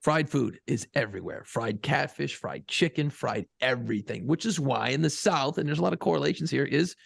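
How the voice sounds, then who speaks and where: This man from Buffalo, New York is a podcast co-host whose banter is loose, profane and rambling, broken up by frequent laughter. His medium-pitched voice is brisk and gravelly with a breathy edge, captured in echo-free studio quality.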